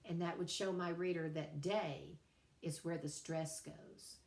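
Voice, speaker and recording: Lower-voiced woman teacher lecturing. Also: fairly even intonation, unhurried, a little mellow. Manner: chatty, playful asides, frequent fillers. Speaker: writing teacher. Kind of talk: recorded class lecture. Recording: echoey room.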